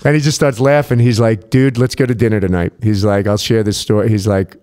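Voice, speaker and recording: A man's voice: fairly low pitch, a little fast. A man, a DJ, telling backstage stories in casual chat, swearing freely and acting out what others said. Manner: profane, animated, acts out quotes.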